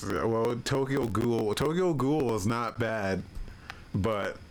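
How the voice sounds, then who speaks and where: Male co-host, unhurried and halting, swoopy pitch, faint hiss behind. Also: animated. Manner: halting, trails off and restarts. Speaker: podcast co-host. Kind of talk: casual gaming chat.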